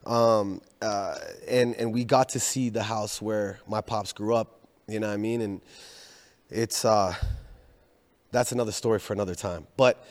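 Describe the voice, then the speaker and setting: A man telling a family story in casual chat, animated, laughing often and acting out the people he quotes. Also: lowish voice, normal speed, big-room sound.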